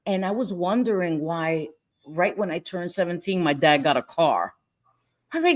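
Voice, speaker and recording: A woman with a New York accent hosting a casual livestream chat, animated and quick to laugh, reading out viewer comments. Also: fairly low pitch. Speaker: livestream host.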